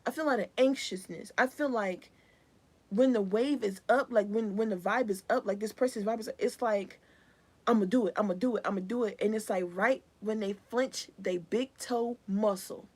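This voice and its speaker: A woman's voice: medium pitch, moderate pace. A young woman giving a live collective tarot reading in a casual, rambling, slangy way. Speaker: tarot reader.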